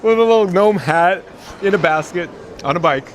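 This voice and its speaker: Brief: man, fairly high voice, live stream host, giggly and rambling, faint outdoor noise behind. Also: expressive, normal speed. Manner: laughing helplessly, giddy and rambling. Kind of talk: casual live stream chat. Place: outdoors at a theme park.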